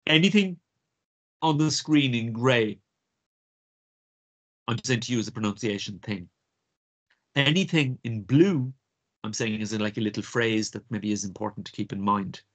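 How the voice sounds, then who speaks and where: Lively Irish man teaching French. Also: on the low side. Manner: lively, repeats phrases slowly for pronunciation. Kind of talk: exam prep lesson.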